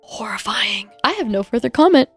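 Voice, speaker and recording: Young woman podcast cohost, really high voice that jumps around, says like a lot, dry close sound. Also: sing-song, moderate pace, slightly rough, dry recording, soft background music. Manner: gushing, full of "like" fillers. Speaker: podcast co-host. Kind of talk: casual chat.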